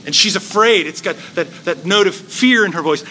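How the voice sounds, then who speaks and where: A man of about forty preaching a chatty, joking sermon, telling a story with lively humor. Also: high-pitched, normal speed, slight background noise. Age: 40s. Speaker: pastor. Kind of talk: conversational sermon.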